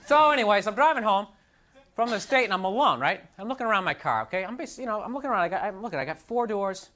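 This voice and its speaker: A man's voice: high voice, animated, fast talker, bright, forceful tone. A man performing a stand-up comedy routine on a club stage, ranting in a frustrated, self-mocking way and slipping into mocking voices. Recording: live club recording with crowd noise. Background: audience laughter.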